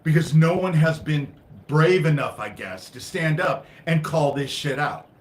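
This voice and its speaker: A frustrated man rants on his own live stream, cursing freely and lurching between loud outbursts and low muttering. His voice is a little high for a man and unhurried. The audio sounds echoey and roomy.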